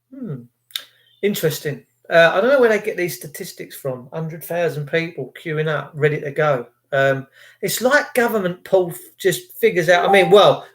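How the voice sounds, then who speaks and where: A middle-aged man, telling stories in a casual rant and putting on voices for the people he quotes. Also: high voice. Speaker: vlogger.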